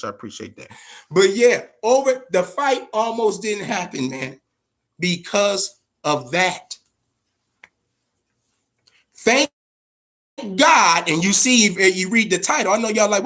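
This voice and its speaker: A man with a high voice hosts a boxing talk show. He rambles, swears often and tells his stories with a lot of energy. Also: unhurried, long pauses. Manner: profane, rambling, animated. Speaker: host.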